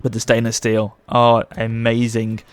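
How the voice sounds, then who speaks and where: Excitable man narrating gameplay. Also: medium pitch, a little slow, smooth, no room sound. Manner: excitable, gushing with delight. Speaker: let's play host. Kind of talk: gameplay commentary.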